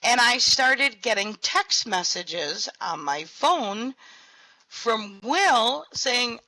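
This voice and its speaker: A woman's voice: a little high, drawn-out words. A woman speaking at a community town hall, telling a story casually and laughing often as she goes. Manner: laughs often, animated when retelling. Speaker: virtual world grid owner speaking at a town hall.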